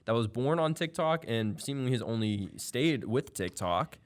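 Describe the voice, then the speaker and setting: Lively man on a podcast. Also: medium pitch, normal speed. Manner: animated, laughs easily. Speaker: podcast co-host. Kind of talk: casual podcast chat.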